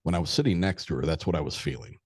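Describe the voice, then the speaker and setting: A man's voice: very deep voice, racing, breathy edge, no room sound, clean studio sound. A middle-aged man, a podcast guest, telling a long story in a rambling, hesitant way with some swearing. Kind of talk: casual storytelling.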